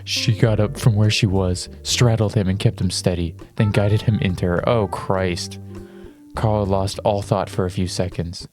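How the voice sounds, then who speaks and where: A man's voice: low-pitched, steady tone, unhurried, a little mellow, soft background music. A man reading fanfiction aloud in a dramatic style, breaking off for amused, flustered asides. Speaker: reader.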